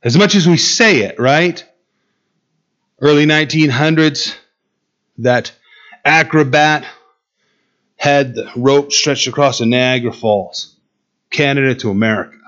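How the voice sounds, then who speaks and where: A man's voice: medium pitch, a little slow, long pauses, a bit bright, dull audio. A man preaching a sermon to a Bible class, emphatic, asking his listeners questions and repeating key phrases. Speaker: pastor teaching a Bible class.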